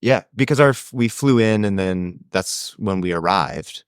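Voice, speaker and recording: A young man co-hosting a podcast, telling a travel story in a casual, animated way and acting out the voices of people in it. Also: fairly low pitch, unhurried, clean tone, dry recording, studio quality. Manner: animated storyteller, acts out quoted voices, laughs often. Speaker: podcast co-host.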